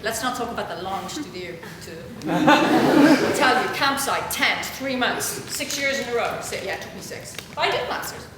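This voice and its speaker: A middle-aged woman lectures with lively, self-mocking humor and slips into the voices of the people in her stories. Her voice sits a little high. The recording comes from a very echoey auditorium, with room noise clearly audible underneath. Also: normal speed. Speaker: university lecturer. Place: university auditorium.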